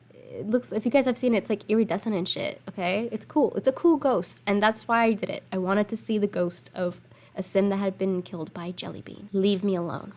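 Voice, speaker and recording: A young woman casually commenting on her life-sim game, chatty and rambling, swearing offhand and apologizing between asides, into a desk microphone at home. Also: medium pitch. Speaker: gaming channel host. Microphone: desk USB microphone.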